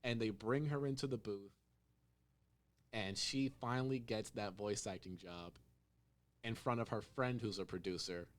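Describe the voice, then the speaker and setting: A young man hosting a casual podcast, telling a story with lively acted-out quotes. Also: on the low side, a little slow, long pauses. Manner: animated storyteller, acts out quotes in raised voices. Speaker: podcast host. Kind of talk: casual chat.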